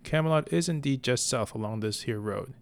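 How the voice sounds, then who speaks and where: A man's voice: medium pitch, fairly quick, gravelly, lightly acted. A man voicing a frail, chatty old male messenger with a folksy, fussy, nervous way of talking.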